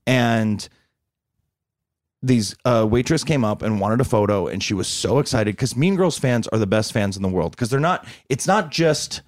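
A man telling an animated story, dry sound. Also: medium pitch, moderate pace, no room sound. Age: 40s. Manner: animated storyteller, acts out quotes in shifting voices. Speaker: actor guest. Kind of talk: casual interview chat.

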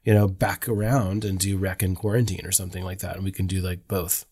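Lower-voiced man co-hosting a podcast. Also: level tone, brisk, dark tone. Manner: enthusiastic, rambling with fillers. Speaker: podcast co-host. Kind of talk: casual horror podcast chat.

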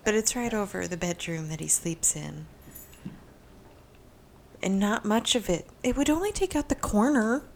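A woman's voice: medium pitch, animated, moderate pace, vocal fry, pauses often. A woman co-hosting a casual podcast, laughing often and swearing freely. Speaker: podcast co-host.

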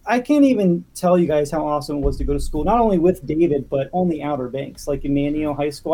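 Animated man telling stories. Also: on the high side. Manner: animated storytelling, many restarts. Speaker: podcast guest. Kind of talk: casual chat.

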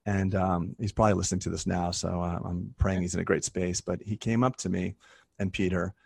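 Deep gravelly man hosting a podcast. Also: level tone, fairly quick, a little mellow, no echo, studio quality. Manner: emotional, candid storytelling. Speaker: podcast host. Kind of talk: casual podcast conversation.

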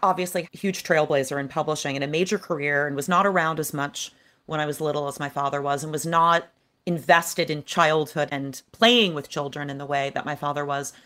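Low-voiced woman recounting memories. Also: fairly even intonation, a little fast, fairly bright tone. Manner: earnest, reflective recounting. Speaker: guest author. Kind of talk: personal storytelling.

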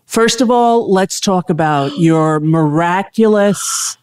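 A woman's voice: fairly low pitch, slow, darkish tone, clean tone, dry recording, clean studio sound. A woman hosting a podcast in casual chat, rambling with lots of fillers and restarts. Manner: enthusiastic when introducing a guest. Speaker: podcast host.

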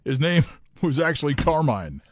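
A man's voice: on the high side, sing-song, moderate pace, no echo. A man co-hosting a talk radio show, chiming in with short, laid-back asides from the studio. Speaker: radio co-host. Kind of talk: casual radio banter.

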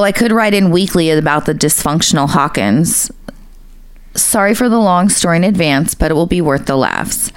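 A woman's voice: on the low side, clear, resonant tone, dry recording. A woman co-hosting a casual podcast, reading a listener's funny letter aloud and laughing through it, swearing freely. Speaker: podcast co-host.

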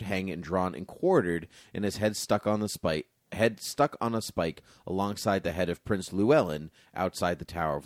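A man hosting a casual chat, reading aloud from a history book with jokey, animated asides. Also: deep voice, dry recording, clean studio sound. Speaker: podcast host.

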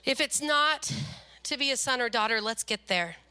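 Woman, middle-aged, high voice, preaching, animated storyteller. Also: moderate pace, smooth. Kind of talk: sermon with personal storytelling.

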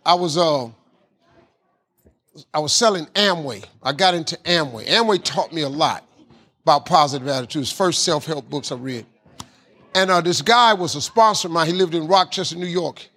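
Husky high-voiced man telling stories. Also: normal speed. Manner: animated, folksy, casual grammar. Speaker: guest speaker. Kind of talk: motivational storytelling.

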